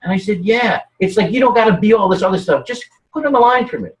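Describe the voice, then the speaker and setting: Faint music plays behind a fast-talking man whose voice sits high. He's a guest in an easygoing chat, rambling through lively anecdotes full of restarts, and the mic is far off in a roomy-sounding room.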